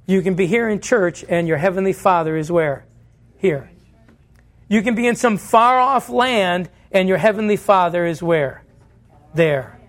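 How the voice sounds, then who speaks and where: A pastor preaching a sermon in church, earnest and direct, posing questions to the congregation and answering them himself. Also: male voice, high voice, lively intonation, unhurried.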